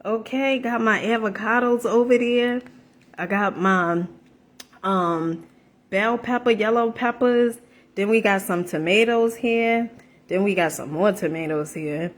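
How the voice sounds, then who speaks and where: A woman chatting through a casual home cooking vlog, animated and full of fillers, calling her viewers honey. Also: mid-range voice, measured pace. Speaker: vlogger. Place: home kitchen.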